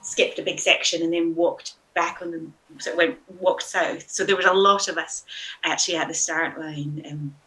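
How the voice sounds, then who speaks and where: Female interview guest, bright and clear, hesitant rambling delivery. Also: lowish voice, steady tone, normal speed, low-quality recording. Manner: rambling, hesitant, with frequent ums and small laughs. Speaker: guest, long-distance hiker. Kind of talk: casual interview storytelling.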